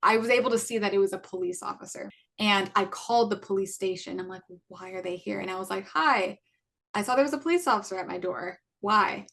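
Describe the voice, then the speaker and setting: Fairly quick and slightly bright, this medium-pitched woman's voice carries some vocal fry. She's a podcast co-host in her twenties casually telling a personal story by playing out the dialogue, chatty with many "like"s and restarts.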